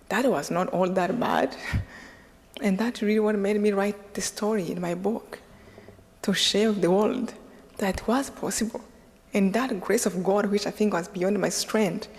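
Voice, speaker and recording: A middle-aged Rwandan woman speaks to an audience, her accent clear and her delivery earnest and unhurried. She pauses and restarts as she gathers her thoughts, at an ordinary pitch for a woman. Her voice carries a long reverb from a large lecture hall. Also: darkish tone. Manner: earnest, slow and reflective with halting restarts. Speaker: guest speaker. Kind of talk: personal testimony talk.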